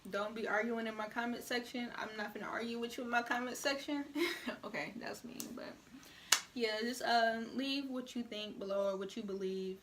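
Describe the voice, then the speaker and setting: A woman's voice: on the high side, steady tone, a little fast, hardly any pauses, background noise. A young woman, giving her opinions in a frank, conversational way on a casual vlog. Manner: frank, conversational, many "you know" asides. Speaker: vlogger.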